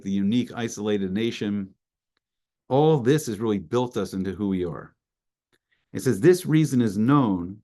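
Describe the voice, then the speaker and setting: A man's voice: mid-range voice, darkish tone. A man giving an earnest Torah class. He reads Hebrew phrases and then translates each one into English, building emphasis through repetition. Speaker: Torah teacher.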